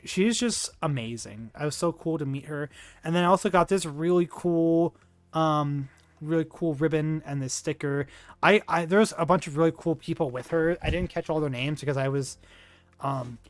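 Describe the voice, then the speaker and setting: Gushing and rambling on his livestream, this streamer keeps saying "dude" and "bro," packing his talk with filler words and false starts. His voice is fairly high and the recording is dry.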